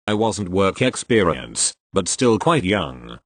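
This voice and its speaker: A man reads tech-support stories aloud in a low voice that swings up and down lively through each sentence. His telling is dry, and he gives quoted lines small voice shifts. The recording is close and dry, with no room sound around him. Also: takes it slowly, hardly any pauses, no echo. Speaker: narrator reading posts aloud. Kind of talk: narrated story reading.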